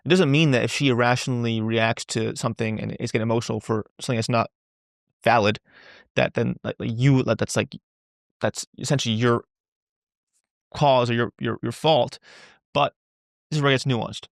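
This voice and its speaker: A man with a gravelly, fry-tinged voice talks freely as a podcast guest. He circles back on his words and swears in passing. The sound is close and dry, with no room around it. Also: mid-range voice, fairly even intonation, moderate pace, pauses often, dry recording. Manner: rambling, repeats words, swears casually. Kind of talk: candid conversational interview.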